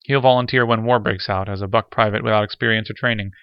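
A man voicing a grave, thoughtful official who explains things in a measured way. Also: fairly low pitch, fairly even intonation, smooth, no room sound, natural voice. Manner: measured, dull-toned.

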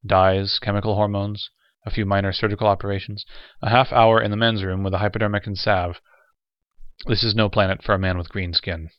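A man reading the lines of a cool, detached alien man who speaks flatly and matter-of-factly. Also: on the low side, fairly quick, dry recording, close to an everyday voice. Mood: indifferent. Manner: flat, detached, matter-of-fact. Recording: dull lo-fi recording.

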